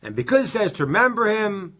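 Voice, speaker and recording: A middle-aged man teaching a casual Torah class, telling stories with many restarts and animated asides. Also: sits high, quick pace.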